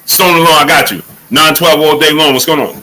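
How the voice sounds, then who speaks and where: A man hosting a boxing livestream, giving shout-outs to the chat in casual, animated talk, sometimes dropping to a hush. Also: on the high side, moderate pace, a little hiss or hum. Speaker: livestream boxing show host.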